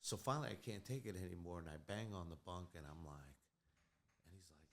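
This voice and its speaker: A man telling a prison story in casual chat, animated and laughing as it builds. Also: low voice, normal speed. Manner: animated, laughs through his own story. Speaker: guest, former prisoner.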